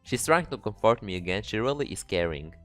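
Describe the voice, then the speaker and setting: A man playing a dating game, reading its text aloud and breaking into excitable, profane jokes. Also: on the low side, fairly quick, faint music behind. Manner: excitable, swearing, jokey. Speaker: let's player.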